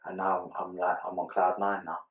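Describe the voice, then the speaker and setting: A man's voice: sits low, flat delivery, brisk. A man talking in casual podcast chat, earnest and slangy, swearing freely. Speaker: guest, ex-offender charity ambassador. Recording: echoey room, distant muffled mic.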